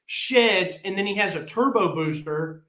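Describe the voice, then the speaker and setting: A man co-hosting a podcast, talking excitedly in a casual, rambling way with lots of restarts. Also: high voice, unhurried, roomy sound. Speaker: podcast co-host. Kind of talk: casual sports chat.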